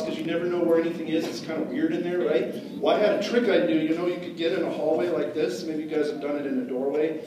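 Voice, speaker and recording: A man tells a story live to children, chatty and checking in with questions. His voice sits a little high. He sounds far from the mic in a very echoey hall with noise behind. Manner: chatty, asks the audience questions.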